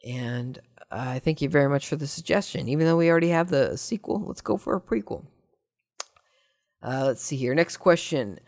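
A man from Southern California, hosting a podcast and chatting casually through listener questions in a rambling, jokey way with sudden excited bursts. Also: on the high side, moderate pace, gravelly. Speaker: podcast host.

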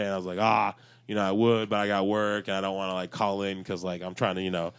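With a deep, smooth voice and a completely flat delivery, this man talks fast as a podcast co-host. He tells rambling stories in casual conversation, packed with fillers and frequent swearing.

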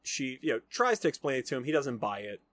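A man's voice: mid-range voice, big pitch swings, fast, a bit bright. A young adult man hosting a podcast, casually recapping a film in a rambling way, full of "like" and "you know.". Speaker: podcast host.

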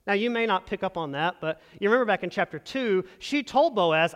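A man's voice: high voice, lively intonation, a little fast, fairly bright tone, long reverb tail. A man preaching a sermon in a conversational way, asking the congregation rhetorical questions as he explains a passage. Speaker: pastor.

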